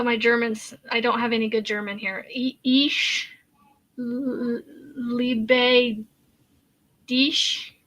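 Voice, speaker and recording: A woman's voice: fairly high pitch, bright, forceful tone. A woman from Kansas hosting a crochet live stream, chatting casually, laughing often and answering viewer comments as she works. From Kansas, USA. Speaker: crochet channel host.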